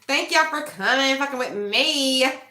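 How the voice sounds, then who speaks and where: A young adult woman hosting a casual tarot livestream, animated and laughing often as she talks straight to her chat. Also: sits high, normal speed, echoey room, heavy background noise. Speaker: tarot reader and livestream host.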